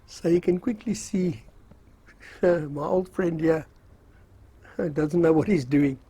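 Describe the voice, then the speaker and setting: An older man telling a personal memoir in a relaxed, rambling way, poking fun at himself. His voice is gravelly and very husky, with a mellow, slightly higher pitch. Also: slow pace, no echo. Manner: rambling, self-mocking, with frequent fillers and chuckles. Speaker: storyteller recalling army service. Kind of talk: casual spoken memoir.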